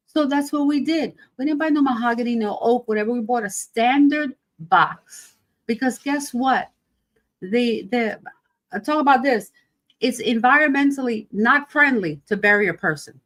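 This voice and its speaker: A woman's voice: on the high side, normal speed, a bit bright. A woman in her fifties hosting a podcast, talking casually about grief in a rambling, emphatic way full of rhetorical questions. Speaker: podcast host.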